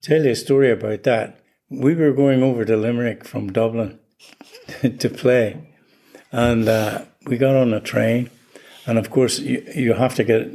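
A man's voice: medium pitch, vocal fry, a little mellow. An older man, a flute player interviewed as a guest, telling stories in an easygoing way with chuckles. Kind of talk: relaxed anecdotal chat.

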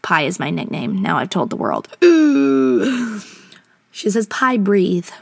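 A woman's voice: medium pitch, sing-song, slow, creaky, a little mellow, no echo. A woman educator hosting a casual advice podcast, talking in an earnest, encouraging way from a small closet at home.

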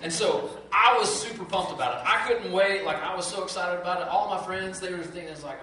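Man in his forties, pastor, chatty sermon storyteller, fairly high and bright voice, distant mic in a very echoey hall. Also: brisk, few pauses. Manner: animated, conversational storytelling with lots of asides.

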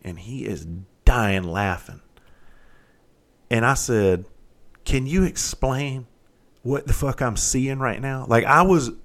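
A former police officer from South Carolina spins a profane, animated story in a casual monologue. His voice sits a bit low, and he swings between loud bursts and hushed asides. He talks like he is sharing a story with friends.

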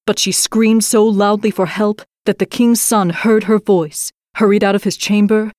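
A woman storyteller reading an old fairy tale aloud in a measured, even manner. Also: medium pitch, no echo, clean studio sound.

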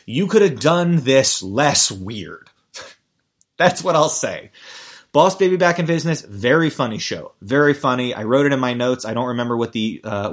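A man recapping a cartoon episode in casual chat, rambling, restarting sentences and amused. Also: a little high. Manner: rambling, self-interrupting, amused. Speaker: podcast host recapping a cartoon.

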